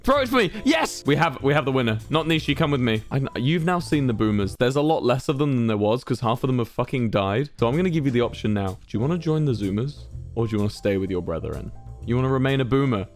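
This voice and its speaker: A young man hosts a game stream in a playful, mock-commanding way, reading out players' jokes as he goes. His pitch swings widely as he talks. Soft music plays faintly behind him. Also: animated, fast. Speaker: streamer hosting a game event. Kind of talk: live-streamed game commentary.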